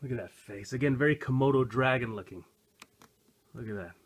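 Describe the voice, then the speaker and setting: A middle-aged man giving a casual, excitable hands-on toy review, rambling and chatting to his viewers. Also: medium pitch, a little fast. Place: home recording station.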